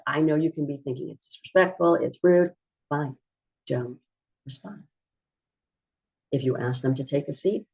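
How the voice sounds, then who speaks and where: A woman who coaches parents on autism, explaining behavior strategies in a calm, measured teaching style. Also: deep voice, vocal fry, husky. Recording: dull lo-fi recording.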